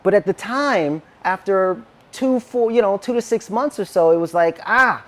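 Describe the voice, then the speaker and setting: A man preaching a sermon, telling a personal story in an animated way and acting out the dialogue. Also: high voice, normal speed. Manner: animated, acts out quoted dialogue. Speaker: minister.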